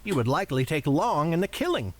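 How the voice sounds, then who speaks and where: A man puts on a young noblewoman from a read-aloud fantasy novel, her voice pushed well up in pitch. She sounds emphatic and alarmed, her lines lifting and swooping. The pitch leaps around a great deal. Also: sing-song, fast talker.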